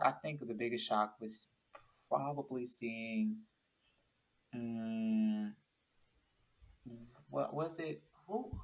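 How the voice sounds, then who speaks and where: A man talking in a casual, animated chat, rambling with many restarts. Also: mid-range voice, low-quality recording.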